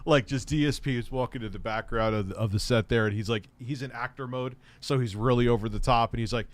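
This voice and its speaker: Male streamer host, rambling and sweary, mid-pitched, loose casual chat. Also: quick pace, no room sound. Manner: rambling, profane, mocking. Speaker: livestream host.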